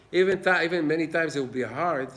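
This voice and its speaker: A man's voice: on the high side, fairly bright tone. Earnest man teaching Torah. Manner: earnest, plain-spoken, acts out little dialogues. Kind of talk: informal Torah class. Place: old synagogue.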